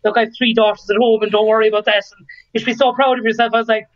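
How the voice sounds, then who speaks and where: A woman's voice: a little high, rapid-fire, lo-fi sound. A young Irish woman, a podcast guest, telling a story in casual chat and acting out the voices of the people in it. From Ireland. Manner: lively, animated, acts out dialogue.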